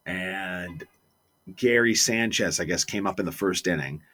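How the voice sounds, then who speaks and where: A man's voice: deep voice, measured pace. A man co-hosting a podcast, telling stories in a casual chat and acting out the quotes. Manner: animated, acts out quotes.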